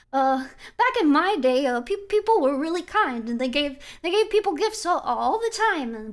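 A woman voicing a doting, rambling old grandmother who stammers and reminisces about the old days. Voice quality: high and squeaky.

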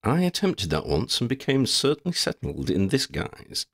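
A man's voice: medium pitch, huge pitch swings, moderate pace, fairly bright tone, no echo, studio quality, pitched above the performer's own voice, exaggerated voice. A man voicing a middle-aged uncle wizard who speaks in a formal, wordy, mock-solemn way. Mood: warning.

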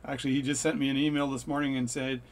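A man's voice: medium pitch, little pitch movement, fast. A man hosting his watch repair channel, chatting casually and jokily at his workbench with plenty of fillers and restarts. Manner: rambling, jokey, with fillers and restarts. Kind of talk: casual workshop talk.

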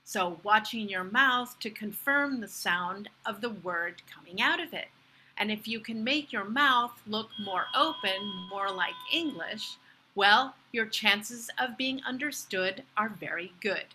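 American lady coaching pronunciation, slow and careful, bright voice, acts out words. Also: mid-range voice, a little hiss or hum, rough recording. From United States. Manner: slow, clear, demonstrates pronunciations. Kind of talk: presentation talk at a virtual fair.

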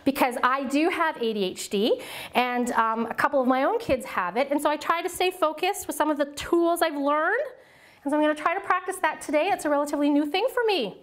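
Woman, 40s, bright high voice, conference speaker, playful and dramatic, performs the voices of people she quotes. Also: fairly quick. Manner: animated, self-mocking, acts out quoted voices. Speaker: workshop speaker on children's ministry. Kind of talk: lively conference workshop talk. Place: church workshop room with a small audience. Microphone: podium.

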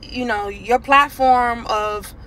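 A woman, hosting and telling a story to camera in an animated, casual way. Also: fairly high pitch, slow, a little hiss or hum. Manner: animated, acts out other people's voices in quotes. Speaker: commentary host.

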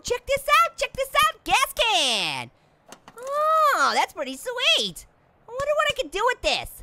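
Cartoon orange, male: very high, bouncy, giggly, pun-happy game commentator; noisy track. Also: gravelly, bright, forceful tone, exaggerated voice. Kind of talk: gameplay commentary. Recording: noisy recording.

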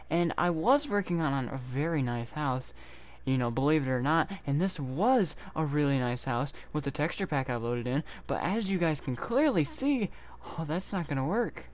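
A man venting angrily at his audience over a game, profane and repetitive, stretching out words for emphasis. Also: fairly high pitch. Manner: furious, profane, repeats himself; slow, drawn-out emphasis. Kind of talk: angry gameplay rant. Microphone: console game-capture commentary mic.

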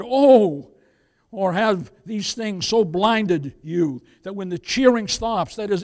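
Preaching in a high voice, this male pastor calls his congregation "beloved" and moves from booming emphasis to quiet asides.

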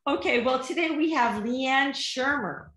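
A woman from Vermont co-hosting a podcast, talking loudly and with animation. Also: sits high, a little slow. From Vermont, USA. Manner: loud, projecting, animated. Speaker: podcast co-host. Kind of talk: casual chat. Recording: roomy echo.

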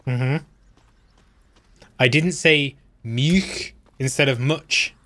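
A man's voice: mid-range voice, drawn-out words, sharp tone. A man giving casual gameplay commentary, chatty and self-mocking, talking straight to his viewers. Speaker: let's play host.

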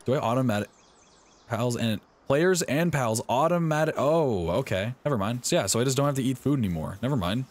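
A young man streaming a video game live, talking excitedly to the characters on screen. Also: mid-range voice, brisk. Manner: excitable, talks to the game's characters. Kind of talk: live gameplay commentary.

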